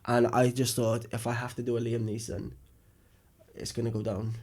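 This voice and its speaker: A man's voice: mid-range voice, monotone, normal speed, a little mellow. A young man, a podcast co-host rambling through a funny story in casual chat. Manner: rambling storyteller, jokey, acts out dialogue.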